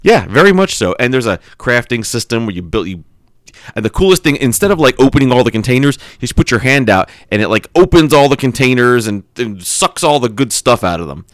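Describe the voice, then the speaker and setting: A man co-hosting a casual podcast, rambling and swearing as he talks excitedly about a video game. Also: mid-range voice, fairly quick, dry recording, studio quality. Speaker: podcast co-host. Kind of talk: casual chat.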